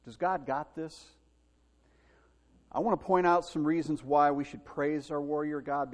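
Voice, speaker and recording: A man preaching a Sunday sermon, telling a story in an animated way and acting out the quoted lines with shouts. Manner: animated, acts out quotes with big shouts and pitch jumps. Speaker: pastor. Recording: long hall reverb.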